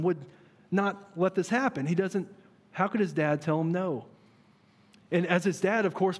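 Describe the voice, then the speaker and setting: A man in his thirties preaching a sermon as pastor, conversational and animated, with many rhetorical questions. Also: sits high. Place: large church hall. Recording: long reverb of a church hall.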